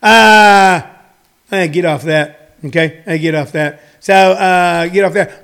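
A man's voice: high-pitched, takes it slowly, gravelly, a bit bright, clear, resonant tone. A man in his sixties who runs a comedy school, talking in a rambling, joking monologue full of fillers. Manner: meandering, joking, many fillers.

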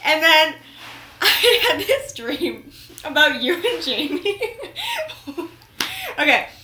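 A young woman co-hosting a podcast, telling a story in an animated, giggly way and swearing freely. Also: high-pitched, slow pace, slight background noise. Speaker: podcast co-host. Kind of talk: casual chat. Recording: echoey room.

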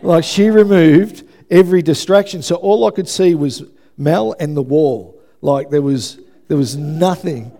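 A man's voice: on the high side, unhurried, warm tone. A man preaching a sermon in a conversational way, often checking in with the congregation. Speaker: pastor.

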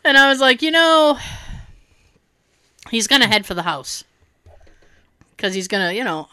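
A woman's voice: a little high, moderate pace, pauses often, smooth, no room sound. A woman telling a story in casual chat, acting out what everyone said and swearing freely. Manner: animated, acts out quotes, swears freely.

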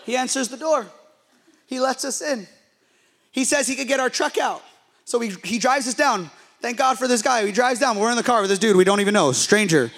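High-voiced man preaching with comic flair. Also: fairly quick. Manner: animated, comic storytelling with acted quotes. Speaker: pastor. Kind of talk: storytelling sermon.

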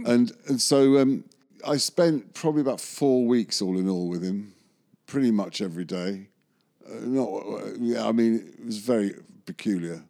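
A man's voice: fairly low pitch, unhurried, gravelly, mellow. A man, a magician, telling a rambling anecdote in an interview, often correcting himself and chuckling. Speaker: magician recalling film work.

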